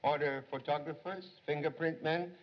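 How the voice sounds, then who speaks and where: Brief: male actor as unhurried, aphoristic detective, clipped phrasing, dull old film sound. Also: on the high side, fairly even intonation, lightly acted. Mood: calm. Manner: terse, clipped, drops articles, formal. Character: calm, aphoristic middle-aged male detective. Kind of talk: 1930s film acting.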